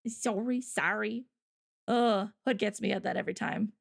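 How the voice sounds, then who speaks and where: A woman's voice: mid-range voice, steady tone, normal speed, vocal fry. A young Canadian woman with a Canadian accent, hosting a casual livestream chat in a giggly, rambling way full of fillers. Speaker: livestream host.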